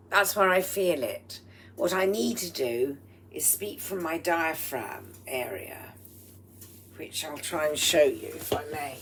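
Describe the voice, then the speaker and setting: A woman vlogging at home with a throaty, strained voice, speaking in a slow, deliberate and slightly formal way and often dropping into breathy whispered asides. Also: low-pitched, a bit bright, slight background noise. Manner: proper, slightly formal phrasing. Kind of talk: rambling personal vlog monologue. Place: at home while cooking. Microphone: speaking into a microphone.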